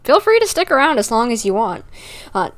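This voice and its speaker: A woman's voice: on the high side, very animated, fairly quick, a bit bright. A woman streamer giving casual, chatty live commentary over a game, with lots of fillers and laughter.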